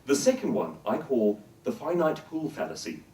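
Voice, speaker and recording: Expressive male speaker in a roomy hall. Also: mid-range voice, normal speed, recorded from a distance. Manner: expressive, emphatic, asks the audience questions. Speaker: professional speaker. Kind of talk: motivational talk to a live audience.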